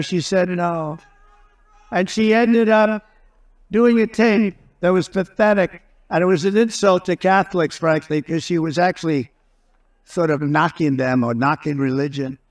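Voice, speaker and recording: High-voiced man giving a rambling rally speech. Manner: rambling, repeats phrases, combative. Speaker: political candidate.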